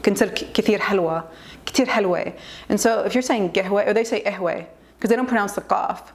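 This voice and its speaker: A woman's voice: mid-range voice, very fast, vocal fry. A young woman, an Arabic linguist, chatting casually and correcting points as she switches between English and Arabic. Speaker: Arabic linguist reacting to a video. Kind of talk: casual reaction commentary.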